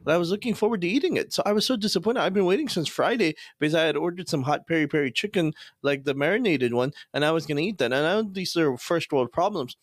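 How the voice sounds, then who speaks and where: A man hosting a podcast and talking fast in a casual, frustrated rant, with Islamic phrases scattered through his speech. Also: on the high side, animated, no room sound, studio quality. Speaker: podcast host.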